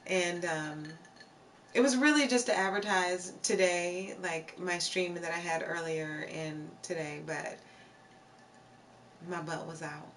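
A woman's voice: lowish voice, slow, fairly bright tone, far from the mic, a little hiss or hum. A woman hosting a live stream, chatting casually with viewers in a playful, giggly way, reading their comments aloud and repeating phrases for emphasis.

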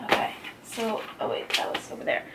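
A young adult woman vlogging about makeup in a casual, gushing way, full of excited exclamations and filler words. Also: brisk, very noisy. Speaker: beauty vlogger. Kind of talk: casual unboxing chat.

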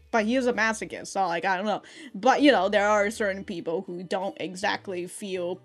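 A woman's voice: mid-range voice, moderate pace, faint music behind. A woman hosting an anime reaction, chatting casually, laughing often and swearing as she acts out the characters' lines. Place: in Japan.

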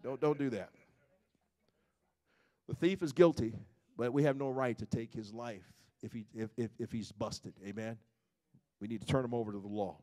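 A man's voice: medium pitch, moderate pace, pauses often, warm tone. A male pastor preaching a sermon in a conversational way, repeating words and asking the congregation rhetorical questions.

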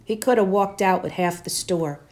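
A woman teacher reading a novel aloud to her students, in steady, plain storytelling. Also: medium pitch, normal speed.

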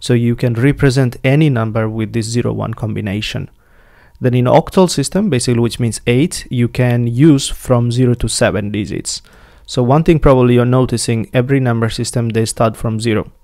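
Male tutor, Bangladeshi accent, mid pitch, patient step-by-step explainer, dry booth sound. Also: fairly quick, mellow, dry recording. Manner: patient, repeats points with restarts. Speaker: programming tutor.

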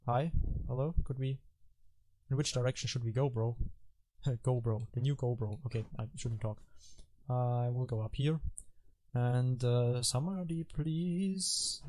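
A man's voice: medium pitch, mellow, slight background noise. A man giving casual gaming commentary, rambling with joking, self-mocking asides as he plays. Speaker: gameplay commentator. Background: game music and effects.

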